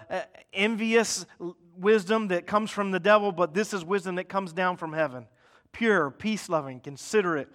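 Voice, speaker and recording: High-voiced conversational preacher, man. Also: fairly bright tone. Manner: conversational preaching, often checks in with "right?"; acts out listeners' complaints in mock voices. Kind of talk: sermon.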